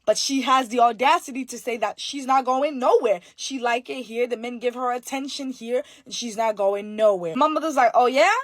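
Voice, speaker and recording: Haitian lady telling witch stories, sassy and cussing, high voice, dry close sound. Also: normal speed, hardly any pauses, no echo. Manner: sassy, profane, animated. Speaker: storyteller. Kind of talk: casual spooky storytelling.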